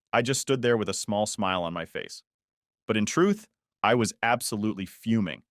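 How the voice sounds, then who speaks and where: A man narrating a first-person story from an online forum in a steady, even storytelling delivery. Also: fairly low pitch, no room sound, clean studio sound. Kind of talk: reading a reddit story aloud.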